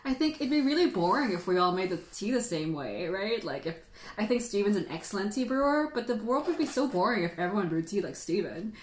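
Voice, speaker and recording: A woman hosts a casual tea livestream, chatting in a rambling way and laughing often. Her mid-range voice is sing-song and fairly quick, with a roomy echo around it.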